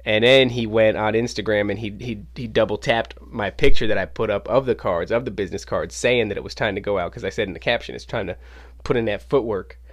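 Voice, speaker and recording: A man with a slightly low voice hosts his own podcast, spinning a loose, animated story. He talks casually and swears freely. Now and then he jumps into the other people's voices. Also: brisk. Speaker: podcast host. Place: home podcast studio.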